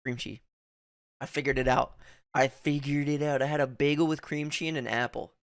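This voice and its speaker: A man co-hosting a podcast in casual chat, emphatic and profane, with quick, blunt opinions. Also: medium pitch, steady tone, gravelly, dry recording, studio quality. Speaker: podcast co-host.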